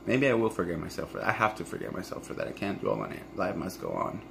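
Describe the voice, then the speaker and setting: A man's voice: deep voice, wildly swooping pitch, quick pace, gravelly, noisy background. A man talking candidly to camera in a raw, profane, emotional monologue about a past relationship. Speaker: vlogger.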